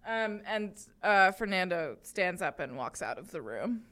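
A woman's voice: on the low side, sing-song, a little slow, sharp tone. A woman narrating a tabletop role-play game as game master, hesitant and full of fillers. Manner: hesitant, lots of fillers, laughs easily.

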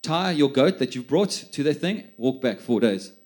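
A man's voice: mid-range voice, lively intonation, moderate pace, a little mellow. Man preaching conversationally. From South Africa. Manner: conversational storytelling with many repeated words. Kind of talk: sermon.

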